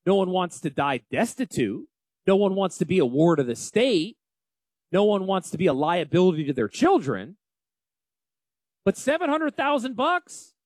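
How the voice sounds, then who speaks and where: A man in his forties with a Northern US accent, hosting a radio talk show on financial planning. He talks loudly and energetically, joking and yelling into a close mic. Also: high voice, no room sound. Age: 40s. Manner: loud, yelling. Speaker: financial advisor radio host. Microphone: close studio mic.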